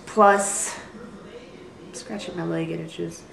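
A woman's voice: mid-range voice, moderate pace, vocal fry, fairly bright tone, echoey room, low-quality recording. A young woman rambling through a casual vlog, apologizing often and putting herself down. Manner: rambling, apologetic, self-deprecating. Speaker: vlogger. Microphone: built-in computer mic.

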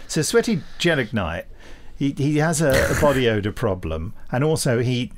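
A man's voice: mid-range voice, expressive, normal speed. A man co-hosting a casual commentary podcast, joking and playful as he talks over an episode. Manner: jokey, playful, drops into silly voices. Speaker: podcast co-host.

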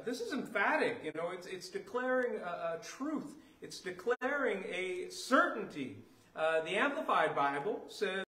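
A man's voice: fairly high pitch, fairly bright tone, echoey room, poor audio. A man preaching a sermon as pastor, talking through scripture in a loose, conversational way full of "you know" and "uh", then swelling into emphatic declarations. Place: church sanctuary.

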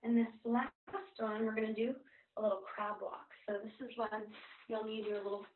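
A woman teaching a parent-child toddler yoga class, giving gentle, encouraging, sing-song cues. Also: fairly high pitch, level tone, moderate pace. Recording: distant, roomy, phone-like sound.

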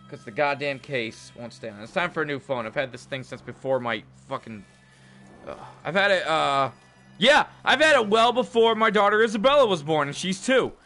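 Young guy streaming a game, swears a lot, gets worked up fast, bright sharp voice, game music faint behind. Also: a little high. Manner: profane, excitable, quick to laugh. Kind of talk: casual livestream commentary.

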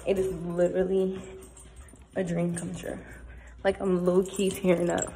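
A young woman vlogging casually outdoors, chatty and excitable, talking straight to her viewers on a handheld phone. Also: lowish voice, unhurried, creaky, slight background noise. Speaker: lifestyle vlogger. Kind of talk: casual vlog tour. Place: outdoors, rooftop and parking area.

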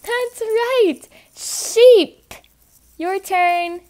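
A woman's voice: high-pitched, very animated, extremely slow. A young woman leading children's story time, coaxing little ones to repeat simple words and sounding them out letter by letter in a sing-song way. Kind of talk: teaching toddlers words.

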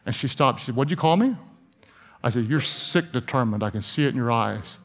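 A man's voice: medium pitch, lively intonation, a little fast. A middle-aged man preaching as a pastor, telling stories earnestly and then praying with growing fervor. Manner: earnest storytelling, rising to fervent prayer. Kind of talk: sermon and prayer.

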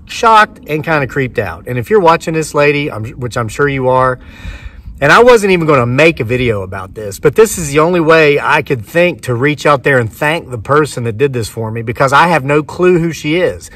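A man's voice: fairly high pitch, animated, normal speed, a bit bright, distant mic. A man in his forties, a homesteading vlogger, retelling a story to camera outdoors and acting out both sides of the dialogue. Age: 40s.

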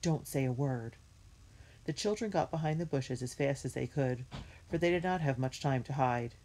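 A woman reading a children's book aloud in a clear, measured storytelling manner. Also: a bass voice, darkish tone. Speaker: reader.

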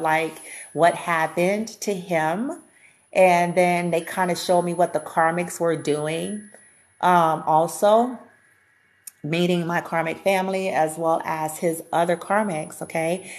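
A woman giving a casual spiritual reading to her viewers, chatty and blunt, swearing freely and often repeating herself as she thinks aloud. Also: fairly low pitch. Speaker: spiritual reader.

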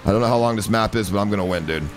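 A young man streaming a racing game, trash-talking and swearing at his friends, often yelling when things go wrong. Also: lowish voice, racing, faint music behind. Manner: yells when the race goes badly. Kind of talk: gaming stream chat.

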